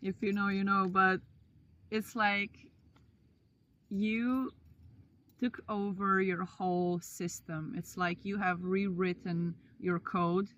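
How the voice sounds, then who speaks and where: A woman's voice: medium pitch, level tone, slow pace, fairly bright tone, dull audio. A woman giving a casual tarot reading to her viewers, chatty and slangy, with playful asides. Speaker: tarot reader.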